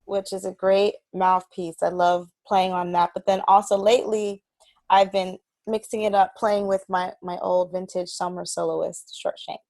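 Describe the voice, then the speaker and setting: A woman saxophonist appears as a guest in a casual interview, telling animated stories and laughing often. Her voice is mid-range, her pace moderate, and there is no echo.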